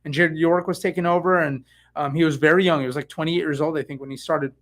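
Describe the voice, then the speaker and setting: Talking fast in a slightly high voice, a middle-aged Bay Area real estate agent goes on excitedly during a relaxed live stream. He fills his talk with fillers and tangents.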